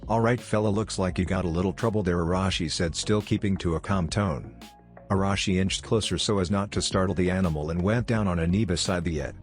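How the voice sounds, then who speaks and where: A man with a very deep, low voice reads out a fan fiction story at a steady, even pace. Faint music plays underneath the narration.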